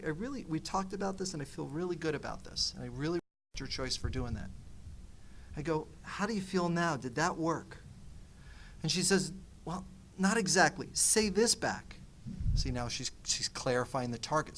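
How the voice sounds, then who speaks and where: A man's voice: fairly high pitch, fairly quick, slight background noise. A middle-aged man teaching nonviolent communication, telling a personal story on a panel and acting out both sides of a conversation. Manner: animated, acts out dialogue.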